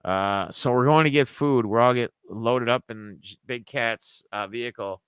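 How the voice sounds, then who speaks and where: A man's voice: mid-range voice, normal speed, fairly bright tone, clear, resonant tone, no room sound. A young man from Minnesota casually recapping a trip, rambling and acting out his friends' lines in raised voices. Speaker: sports card collector vlogger.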